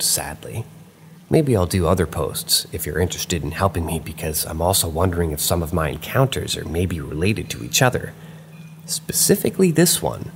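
A man narrating true paranormal stories in a measured, dramatic way, drawing out key phrases slowly. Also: low voice, vocal fry, slight background noise. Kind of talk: scripted narration.

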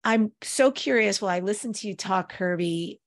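A woman's voice: mid-range voice, normal speed. A woman hosting an interview, asking her guest questions in an eager, curious way. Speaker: podcast host. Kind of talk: interview conversation.

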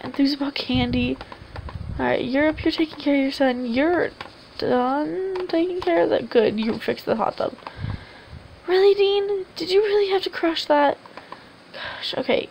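A woman's voice: high-pitched, normal speed, creaky, darkish tone, slight background noise, poor audio. A woman giving casual, rambling commentary over her game and coaxing the characters aloud. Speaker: gameplay video host. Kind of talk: casual let's-play commentary.

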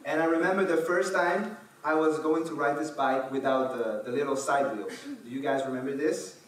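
A man's voice: medium pitch, moderate pace. Man telling a story in an echoey hall. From Netherlands. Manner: animated, acts out scenes, fillers and restarts. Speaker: speaker. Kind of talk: personal storytelling speech. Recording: echoey hall from far off, faint ambience.

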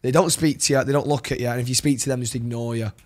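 A man with a Mancunian accent who talks fast and speaks his mind. He is a podcast guest, blunt and sweary, quick to argue his corner in easy banter. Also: mid-range voice, fairly even intonation. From Manchester. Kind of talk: casual banter.

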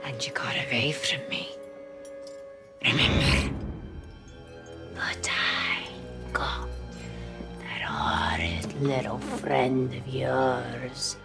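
A woman's voice: very deep voice, drawn-out words, creaky, long pauses, exaggerated voice. An actress playing a cruel witch woman in a film, speaking in a menacing whisper. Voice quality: whispery, hissing. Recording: film clip with loud music.

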